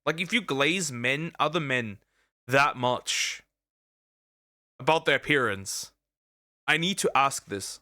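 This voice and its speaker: A man's voice: medium pitch, expressive, slow, long pauses, pushed and bright, no room sound, clean studio sound. A man casually reacting to a video, rambling and joking with internet slang.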